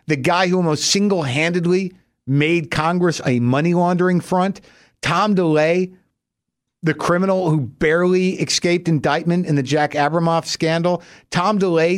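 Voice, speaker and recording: A man hosting a podcast, telling a profane, ranting comic story in an animated way. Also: a little high, no echo, clean studio sound. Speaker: podcast host. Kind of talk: comic monologue.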